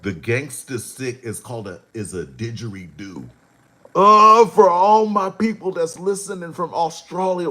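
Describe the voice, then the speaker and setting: A man hosting his own livestream, rambling to his chat in a slow, drawn-out way with sudden animated jumps. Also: on the high side, a little hiss or hum. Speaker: rapper hosting a livestream show.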